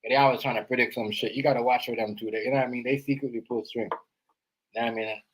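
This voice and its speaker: A man hosting a live stream, rambling through casual reaction commentary and swinging between loud outbursts and quiet asides. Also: mid-range voice, fairly even intonation, very fast, husky, rough recording. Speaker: stream host. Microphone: live stream setup.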